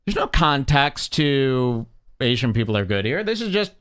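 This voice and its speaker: A man's voice: mid-range voice, sing-song, moderate pace. A man hosting a podcast, commenting on clips in a sarcastic, indignant manner. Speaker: podcast host. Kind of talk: commentary over played clips.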